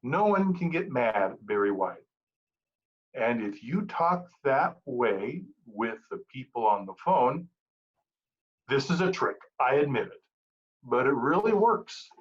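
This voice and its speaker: A man giving a prepared, humorous club speech with an animated storytelling delivery. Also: medium pitch, slow, highs cut off. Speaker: Toastmasters speaker.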